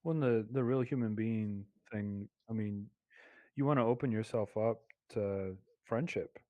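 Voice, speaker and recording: A man hosting a podcast in casual conversation. He muses in a measured, reflective way. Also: fairly low pitch, no echo, phone-quality sound. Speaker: podcast host.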